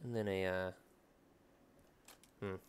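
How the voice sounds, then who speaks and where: This drawing vlogger is a young man whose voice is low-pitched and unhurried, with slight background noise in the recording. Relaxed and rambling, he thinks aloud in casual chat as he sketches.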